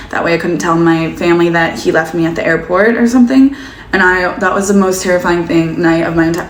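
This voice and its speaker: Chatty young woman telling a story. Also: lowish voice. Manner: casual, chatty, many "like" fillers. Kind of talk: story time vlog. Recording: echoey room, faint background noise.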